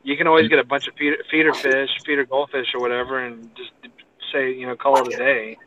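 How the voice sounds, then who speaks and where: A man's voice: medium pitch, level tone, fast, bright, forceful tone, highs cut off. A man from Texas with a Texan accent, chatting casually from a parked car, rambling with lots of fillers. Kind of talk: casual chat.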